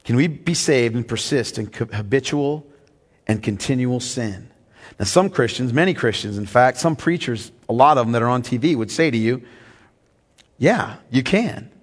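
A man's voice: medium pitch, normal speed, long reverb tail. A man preaching a sermon as pastor, emphatic and teaching, often asking the congregation questions.

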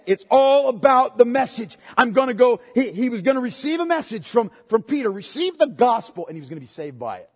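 A man with a strikingly high voice preaches an expository sermon in a large church sanctuary. He pushes each point with emphasis and keeps checking in with his congregation through tag questions. His voice trails off into a long, echoing hall reverb. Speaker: pastor.

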